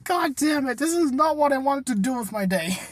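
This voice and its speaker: A woman voicing a cocky, hot-tempered young boy who swears and yells in exasperation. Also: lowish voice, big pitch swings, fast, breathy edge, full character voice. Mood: exasperated.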